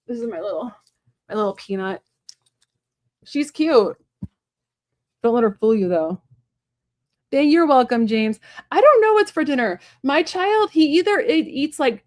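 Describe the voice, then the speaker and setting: A woman's voice: fairly high pitch, no echo. Chatty woman on a dry livestream mic. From Kansas. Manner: chatty, rambling, with many fillers and asides. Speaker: tarot reader hosting a livestream. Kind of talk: casual livestream chat.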